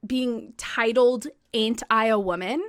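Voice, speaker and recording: Chatty, animated woman with a high-set voice. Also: takes it slowly, smooth, no echo, clean studio sound. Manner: animated and chatty, peppered with "like", casual swearing. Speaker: podcast co-host. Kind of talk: casual chat, storytelling.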